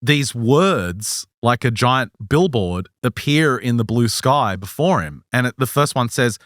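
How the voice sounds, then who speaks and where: Lively man telling a story. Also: medium pitch, unhurried, no echo, clean studio sound. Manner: lively, laughs often while telling. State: a little sick. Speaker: podcast co-host. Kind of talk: casual storytelling chat.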